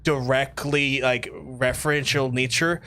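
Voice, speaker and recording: A man's voice: mid-range voice, steady tone, a little slow, bright, forceful tone, slight background noise. A man with a Northern Irish accent, rambling chattily and swearing freely as he streams a game. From Northern Ireland. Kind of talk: casual live-stream commentary.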